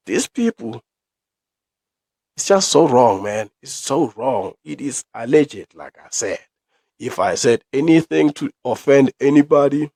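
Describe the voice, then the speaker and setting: A young South African man holds forth on his own podcast, ranting and swearing through his opinions and breaking into loud outbursts. His voice sits mid-range for a man, and the recording is close and dry, with no room sound. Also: medium pitch, expressive, a little slow, long pauses, dry recording. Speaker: podcast host.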